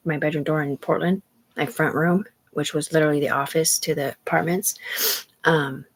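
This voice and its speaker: A woman livestreamer rambling on a live stream, jumping between topics and talking to her viewers. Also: low voice. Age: adult. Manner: rambling, jumps between topics, talks to chat.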